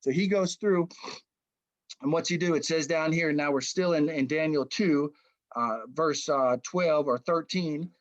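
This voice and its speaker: Bible study leader, male, fairly high voice, chatty storyteller; dull dry lo-fi sound. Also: unhurried, no echo. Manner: conversational, animated storytelling, says "man" often. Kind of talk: casual Bible study teaching.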